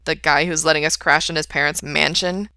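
A woman voicing a brash young man who talks loudly and teases. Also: sits low, steady tone, fairly quick, smooth, no echo, studio quality. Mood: teasing. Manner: loud and teasing.

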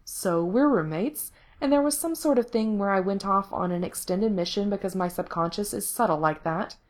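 A laid-back young woman who teases softly and takes her time, never in a hurry, as a female storyteller voices her. Her tone stays easy and close to a plain speaking voice. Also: moderate pace, close to an everyday voice. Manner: laid-back, low-key and teasing. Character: relaxed, teasing young woman performer.

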